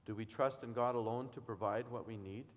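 Earnest preacher in a reverberant hall. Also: male voice, mid-range voice, steady tone, dull audio. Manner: earnest, measured preaching with rhetorical questions. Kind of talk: sermon.

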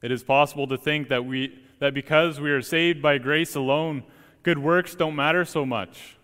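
Young male student preacher, slightly higher voice, earnest and emphatic, long church reverb. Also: steady tone, moderate pace, a bit bright. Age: young adult. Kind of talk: sermon. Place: church sanctuary.

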